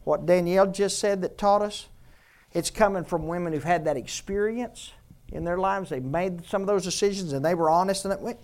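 A man's voice: high-pitched, darkish tone. An older man preaching a sermon as pastor, conversational and joking, firing off rhetorical questions.

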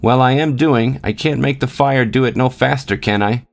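A man's voice: mid-range voice, normal speed, creaky, pitched above the performer's own voice, close to an everyday voice. A man reading the part of an eager, wondering young girl, raising his voice for her. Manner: pleading, wondering.

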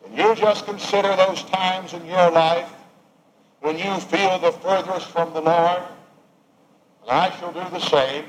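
Male preacher, slightly high voice, dramatic loud-soft sermon delivery, faint hiss behind. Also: fairly even intonation, a little slow, poor audio. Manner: emphatic preaching with wide swings between loud and hushed.

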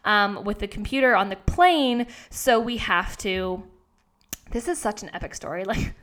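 A woman's voice: medium pitch, moderate pace, fairly bright tone. A young woman hosting a podcast, telling a story casually and animatedly, acting out her own lines and swearing freely. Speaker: podcast host.

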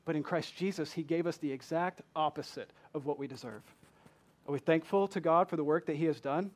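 A man's voice: a little high, a little fast. A man from Michigan with a Southern accent, preaching a passionate sermon in a church and asking the congregation many rhetorical questions. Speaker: pastor.

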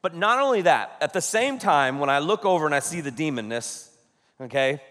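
Animated pastor in a reverberant hall. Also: male voice, on the high side, normal speed. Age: 30s. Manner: animated, storytelling, frequent "okay?" asides, laughing. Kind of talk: humorous sermon story.

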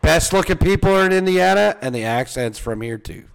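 A man's voice: a little high, animated, vocal fry, clear, resonant tone. A man co-hosting a podcast, trading crude jokes in casual banter. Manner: crude, joking, drawn-out delivery. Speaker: podcast co-host.

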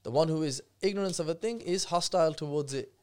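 Fast-talking man. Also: fairly high pitch, clean tone. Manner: fast, animated storytelling with many restarts. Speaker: guest speaker. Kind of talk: casual podcast conversation.

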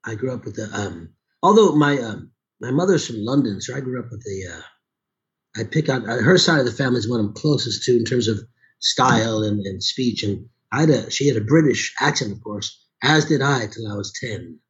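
Hoarse middle-aged man, chatty and rambling. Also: medium pitch, animated, normal speed, fairly bright tone, dull audio. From Chicago, USA. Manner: rambling, with frequent restarts. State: sore throat. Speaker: voice actor and audiobook narrator. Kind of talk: casual conversation.

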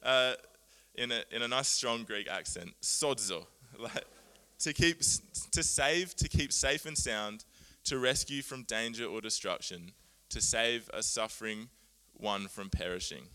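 Bright, clear-voiced male preacher. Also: medium pitch, a little slow, hardly any pauses. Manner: earnest, animated, laughs at himself. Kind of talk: sermon.

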